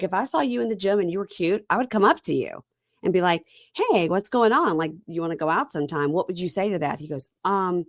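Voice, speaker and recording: A low-pitched woman talks over a reality episode in easy, chatty podcast talk, acting out both sides of each scene as she tells it. The sound is dry and close, with almost no room around her. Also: no echo. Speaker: podcast host. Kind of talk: casual chat recapping a reality show.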